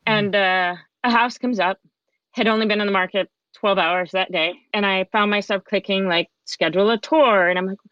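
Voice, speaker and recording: Woman, interview guest, life coach, animated storyteller, acts out quotes, dull dry recording. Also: mid-range voice, moderate pace, dry recording.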